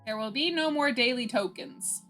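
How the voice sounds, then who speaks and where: A woman's voice: fairly high pitch, moderate pace, sharp tone. A woman hosting a livestream, chatting casually with her viewers and laughing often between lines. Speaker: livestream host. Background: faint background music.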